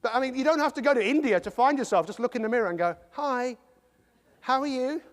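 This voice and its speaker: An English motivational speaker with a high voice works a live audience through a jokey, animated talk, dropping into quick impressions along the way. The big hall gives his voice a long, ringing reverb.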